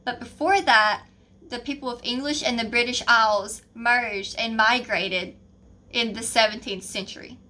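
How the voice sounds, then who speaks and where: A woman's voice: a little high, steady tone, moderate pace, bright, forceful tone. A young woman with a Southern American accent, narrating a class project in a chatty, informal way. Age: young adult. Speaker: student presenter.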